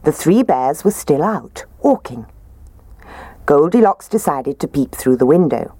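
A woman reading a children's story aloud in a gentle, expressive way. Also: low-pitched, unhurried, slightly rough, no echo.

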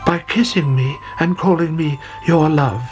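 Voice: medium pitch, measured pace, pitched above the performer's own voice, natural voice. A storyteller voicing a clever young princess who declares her spell broken, for a storybook reading with music behind. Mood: joyful. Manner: joyful, declaring.

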